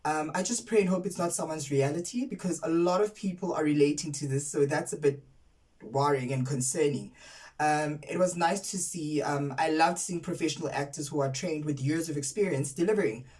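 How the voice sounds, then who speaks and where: A woman's voice: low voice, a little fast, darkish tone, recorded from a distance, rough recording. A woman from South Africa giving a casual, emphatic spoken review of a TV series, often repeating words for effect. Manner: outraged and candid. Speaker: TV series reviewer, content creator.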